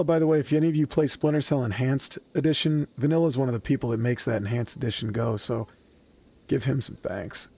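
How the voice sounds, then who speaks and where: A man's voice: medium pitch, mellow. A man streaming a game, chatting loosely with viewers, joking about himself, swearing freely and speaking openly about his feelings. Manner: loose, rambling and self-deprecating, with frequent swearing; candid and openly emotional. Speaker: gaming streamer. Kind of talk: casual live-stream chat while playing.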